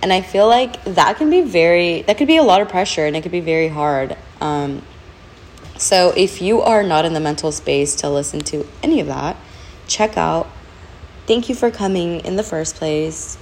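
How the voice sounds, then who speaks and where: Young woman venting casually, low voice. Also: expressive, normal speed. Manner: candid, rambling, frequent "like" and "literally". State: in back pain. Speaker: podcast host. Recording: poor mic with faint background hiss.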